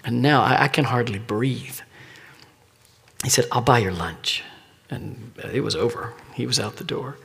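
Telling a personal story from the pulpit, a middle-aged pastor occasionally slips into near-whispered, hushed asides. He speaks at normal speed with a medium-pitched, gravelly voice that has a breathy edge.

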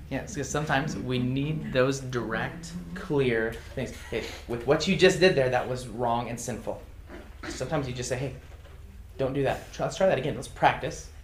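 A man's voice: medium pitch, moderate pace. Chuckling man teaching in an echoey room. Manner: chuckles often, reads examples aloud. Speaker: teacher leading a class. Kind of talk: casual classroom teaching. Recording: echoey room with faint noise.

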